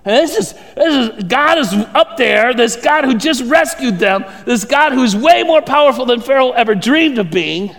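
Conversational pastor with a high, gravelly voice. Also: male voice, moderate pace, hardly any pauses, long reverb tail. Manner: conversational, animated storytelling with many restarts. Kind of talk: sermon.

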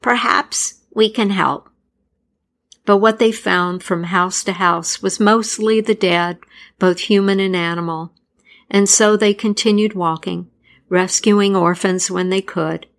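A woman narrating a folktale and its history in a measured, deliberate scripted style. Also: lowish voice, fairly even intonation. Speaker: storyteller.

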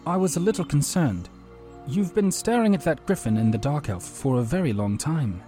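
A man's voice: on the high side, expressive, moderate pace, dark tone, pitched above the performer's own voice, lightly acted. A man voicing an earnest, worried young man adventurer who asks many questions, over background music. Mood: concerned. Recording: fantasy audiobook with music bed.

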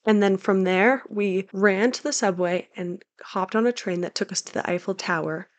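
A woman's voice: medium pitch, moderate pace. A young woman talking through travel tips in a casual, upbeat, chatty way as a travel vlog host. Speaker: travel guide.

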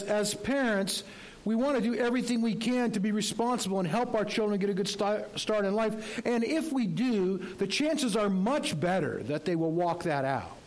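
A man's voice: high voice, poor audio. A male pastor preaching a sermon in a conversational way, with rhetorical questions and light humor.

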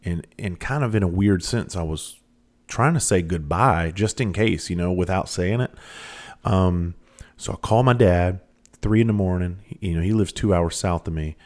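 A man's voice: deep voice, normal speed, a little mellow. A man in his thirties telling candid personal stories in a casual, rambling monologue, swearing freely.

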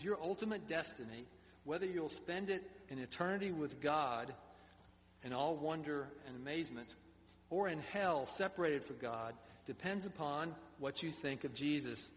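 A man's voice: mid-range voice, fairly bright tone, in a large hall, slight background noise. A man preaching a sermon in a conversational way, with asides to the congregation. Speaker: pastor.

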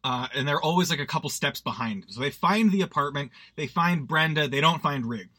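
A man's voice: a little high, animated, fairly quick, pushed and bright, husky, dry recording. A man hosting a podcast, recapping a horror movie in a rambling, self-deprecating way with lots of asides. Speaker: podcast host.

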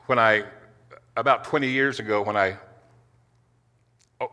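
Male preacher, forceful tone, stumbling earnest testimony, reverberant hall. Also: medium pitch. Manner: earnest, halting, with many restarts. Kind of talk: personal testimony sermon.

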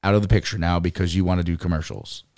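A man hosting a podcast, chatting casually, tossing in quick backchannels, pointed follow-up questions and crude jokes. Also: low voice, steady tone, a little mellow, dry recording, studio quality. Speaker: podcast host. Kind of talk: casual interview chat.

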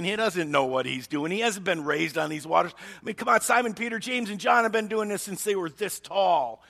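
A man's voice: fairly high pitch, gravelly, fairly bright tone. Humorous male preacher telling stories. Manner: humorous, storytelling, chuckles often. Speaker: pastor. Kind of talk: sermon.

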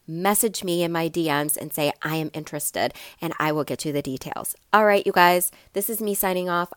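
A woman's voice: fairly low pitch, no echo, clean studio sound. Stuffy-voiced woman hosting a podcast. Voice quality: stuffy, raspy. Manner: warm encouraging, addresses listeners directly. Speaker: podcast host. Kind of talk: motivational podcast talk.

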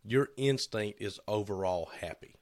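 A middle-aged man chats casually about work on a shop podcast. His voice sits a bit low, and he tells stories with quick quoted bits and laughs. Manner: storytelling, acts out quotes with laughs. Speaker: podcast co-host.

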